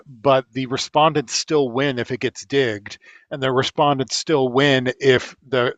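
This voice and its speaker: A man giving casual, measured legal commentary on a podcast, explaining step by step with many fillers and blunt asides. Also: medium pitch, fairly bright tone, no room sound.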